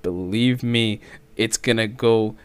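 A man's voice: takes it slowly, clear, resonant tone, no echo. A young man from the Middle East, a podcast guest, chatting casually and laughing often. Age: young adult. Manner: laughs often, animated with lively pitch. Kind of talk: casual chat.

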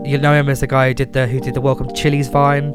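A man's voice: mid-range voice, little pitch movement, rapid-fire, music in the background. A man co-hosting a podcast in casual chat, blunt and sweary, with lots of ums and restarts. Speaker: podcast co-host.

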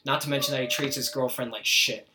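A man hosting a casual podcast, talking bluntly with plenty of swearing and loose, rambling asides. His voice sits at an ordinary middle pitch. The room around him rings with echo. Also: fairly even intonation, quick pace, very noisy. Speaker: podcast host. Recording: roomy, echoey room.

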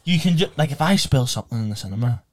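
A man's voice: mid-range voice, lively intonation, fast talker. A young man, chatting on a casual podcast. He tells his stories loosely and laughs often as he goes. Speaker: podcast co-host. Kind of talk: casual chat, storytelling.

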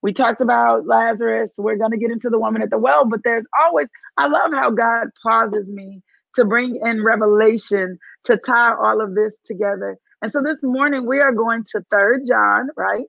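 Woman, Southern accent, fervent preaching, repeated phrases, gravelly, lo-fi. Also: on the high side, fairly even intonation, moderate pace, a bit bright, no room sound. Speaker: women's ministry leader hosting a live stream. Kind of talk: live-streamed devotional and prayer.

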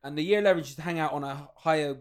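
Man, high voice, swearing, acting out quotes, casual podcast chat. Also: very fast. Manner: swears freely, acts out quotes, laughs a lot. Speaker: podcast co-host.

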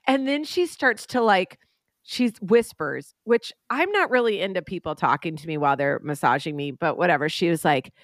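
A woman co-hosting a podcast, telling a story in casual chat, animated and full of restarts. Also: lowish voice, moderate pace, dry recording, clean studio sound. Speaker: podcast co-host and preacher.

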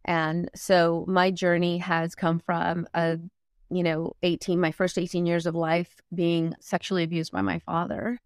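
A woman, a motivational speaker and coach, telling her life story candidly in an interview, earnest and reflective with frequent pauses. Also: fairly low pitch, little pitch movement, clean tone, no room sound, clean studio sound.

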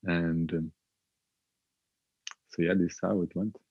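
Deep-voiced man, hesitant storytelling. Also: level tone, husky, dry recording, highs cut off. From Sweden. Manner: hesitant, halting, with frequent filler sounds. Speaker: podcast guest. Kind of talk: reflective personal storytelling.

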